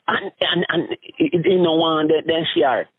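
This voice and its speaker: Animated Jamaican man, tinny sound. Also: measured pace, husky, dry recording. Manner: animated, jumps into high voices when acting out scenes. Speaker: street comedian. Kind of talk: rambling comic storytelling.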